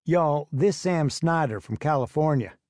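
A man's voice: a little high, expressive, measured pace, darkish tone, dry recording, studio quality, pitched above the performer's own voice. A man voicing a stern, folksy man in charge of teenage boys. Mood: commanding. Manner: authoritative, folksy. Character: stern Southern man running a boys' home.

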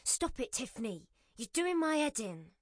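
This is a flustered young mother berating herself in a storybook reading, as a woman narrator puts her on. The voice sits well up high and is strained and near tears. The recording is dry and close. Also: lively intonation, a little slow, fairly bright tone, dry recording. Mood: snappish. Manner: frantic, self-critical outbursts. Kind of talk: scripted audiobook narration.

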